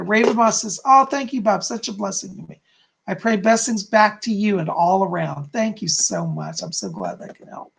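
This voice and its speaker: A man with a gravelly, fry-edged voice hosts a live psychic reading stream. He reads out viewers' questions, then answers each one softly and reassuringly, in a conversational tone. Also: high-pitched, poor audio. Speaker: psychic host.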